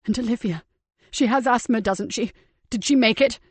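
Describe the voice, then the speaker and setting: A woman's voice: a little high, normal speed, slightly rough, dry recording. A woman narrator voicing a brave, exhausted male police detective in an audiobook, commanding and breathless. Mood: anxious. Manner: commanding, then weak and breathless.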